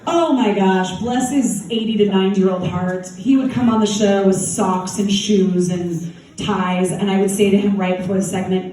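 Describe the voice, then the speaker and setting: A chatty woman and former talk show host tells anecdotes at a festival Q&A, dropping "like" often. Her voice is mellow and soft-edged. It reaches a distant mic and echoes heavily around a large hall. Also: medium pitch, normal speed. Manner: chatty, laughing anecdotes, many likes. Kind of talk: festival Q&A storytelling.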